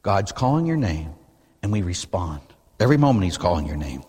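A man, a priest, preaching a sermon in an animated, conversational way full of rhetorical questions. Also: low-pitched, fairly quick, husky. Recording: long reverb in a large hall.

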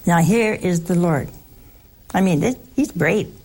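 A woman's voice: fairly low pitch, unhurried, darkish tone, slightly rough. A woman giving a conversational sermon as a Bible teacher, teasing her listeners with rhetorical questions.

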